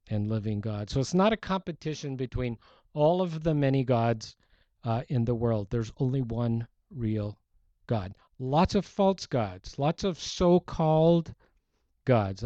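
A man's voice: medium pitch, warm tone, no room sound. A man preaching a sermon in a conversational, storytelling way, walking through a Bible passage. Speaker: pastor. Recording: dull lo-fi sound.

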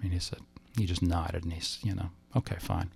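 A man with a low, gravelly voice tells a personal story in the manner of a testimony. His delivery is halting and emotional, full of restarts as he works through what happened. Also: fairly even intonation, a little mellow.

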